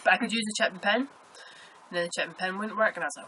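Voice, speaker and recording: A woman's voice: mid-range voice, very fast, pushed and bright, a little hiss or hum, poor audio. A woman with a Scottish accent hosting a podcast, chatting casually and telling rambling stories. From Scotland. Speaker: podcast host. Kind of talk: casual chat.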